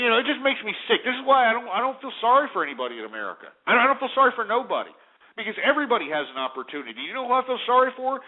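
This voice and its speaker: A male talk radio host delivering an abrasive, scornful rant full of restarts. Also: high-pitched. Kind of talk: ranting talk radio monologue. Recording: narrow phone-like radio audio.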